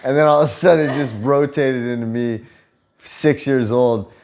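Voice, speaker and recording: A man's voice: mid-range voice, steady tone, moderate pace, darkish tone. A man telling a story in casual, profane chat, laughing often as he talks. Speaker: vlogger telling a story to his partner.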